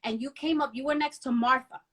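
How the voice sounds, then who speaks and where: A middle-aged woman from New Jersey, a guest telling animated stories in a casual interview and mixing in Spanish phrases. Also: high voice, a little fast, a crowd in the background. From Union City, New Jersey.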